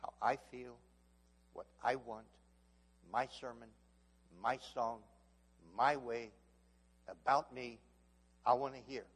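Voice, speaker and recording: A man preaches with a husky, slightly rough voice that carries through a large hall with a long echo. He calls out to his congregation and builds his lines into emphatic, rising peaks. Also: medium pitch, fairly bright tone. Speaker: pastor. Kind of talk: sermon.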